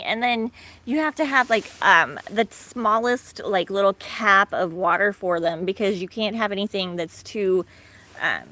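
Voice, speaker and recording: A woman's voice: medium pitch, sharp tone. A woman in her thirties rambling casually on a live stream from her backyard, laughing often and leaning on fillers. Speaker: live stream host, tortoise owner. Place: outdoors in a backyard.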